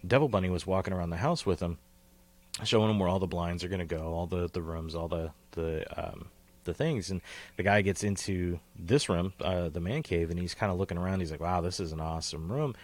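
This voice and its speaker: Male podcast co-host, deep low voice, loose rambling delivery with casual swearing. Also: fairly even intonation, fairly quick. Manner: rambling, profane, laughs easily.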